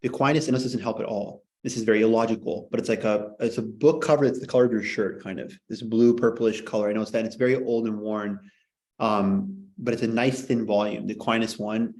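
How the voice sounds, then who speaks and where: A man's voice: fairly low pitch, fairly even intonation, a little fast, a little mellow, low-quality recording. Rambling, joking male teacher. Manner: rambling, joking, heavy on fillers. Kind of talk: casual classroom lecture.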